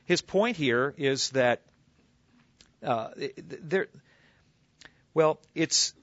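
A man's voice: a little high, animated, very slow, fairly bright tone, no echo. Give me a male pastor teaching through a passage in a chatty way, recorded dry and a bit muffled. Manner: conversational teaching, explains word origins with asides. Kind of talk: expository sermon. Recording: slightly dull lo-fi recording.

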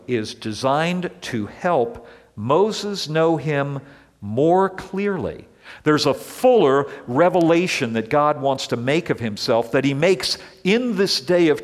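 Earnest male preacher in a reverberant hall. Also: on the high side. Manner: earnest, deliberate phrasing with repeated stressed words. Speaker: pastor. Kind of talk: sermon. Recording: long reverb of a large hall.

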